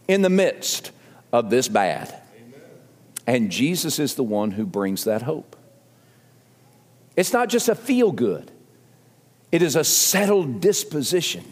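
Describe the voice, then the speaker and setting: A man's voice: medium pitch, sing-song, takes it slowly, long pauses, in a large hall. An older man with a Southern accent preaching a sermon as a pastor, earnest and emphatic, repeating phrases as he builds to appeals. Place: church sanctuary.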